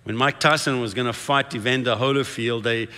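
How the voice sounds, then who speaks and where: A man preaching a sermon, telling the story with shifts between hushed and excited delivery. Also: medium pitch, brisk. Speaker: pastor. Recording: echoey hall reverb.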